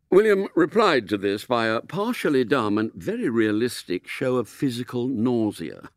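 A man reading a story aloud in an expressive, mock-solemn way. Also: medium pitch, normal speed, hardly any pauses, no room sound, studio quality. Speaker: narrator.

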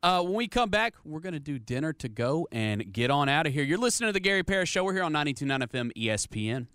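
A man hosting a sports radio show, giving steady, plain-spoken opinions in casual talk. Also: mid-range voice, fast, clear, resonant tone, dry recording, clean studio sound.

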